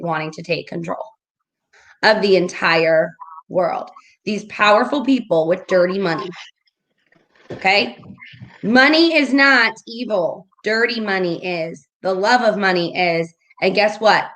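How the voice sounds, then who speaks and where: A woman's voice: mid-range voice, a bit bright, rough recording. A woman co-hosting an online morning show, speaking emphatically and checking in with "okay?" as she lectures. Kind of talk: impassioned livestream talk.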